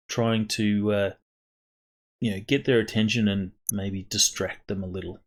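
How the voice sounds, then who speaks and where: A man with a fairly low voice sits at a tabletop game, describing what his character does. He talks in a relaxed, dry way. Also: a little slow. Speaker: player. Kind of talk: casual table talk.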